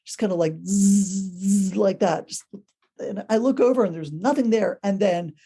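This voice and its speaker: A woman on a podcast recounts a ghost story in a relaxed, conversational way. Her tone is mellow and warm, and she brings the tale to life by acting out the people in it. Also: medium pitch, unhurried, husky. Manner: animated, acts out quoted voices. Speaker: podcast guest, ghost tour guide. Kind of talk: casual storytelling.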